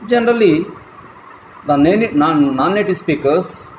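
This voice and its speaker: A man giving a slow, deliberate classroom lecture as a college lecturer, spelling words out letter by letter. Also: a little high, animated. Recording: echoey room, faint traffic noise.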